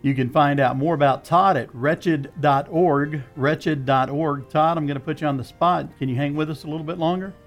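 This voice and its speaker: A man's voice: fairly high pitch, a little fast, hardly any pauses, faint music behind. A man hosting a radio talk show, asking questions and steering the conversation in a friendly, conversational way.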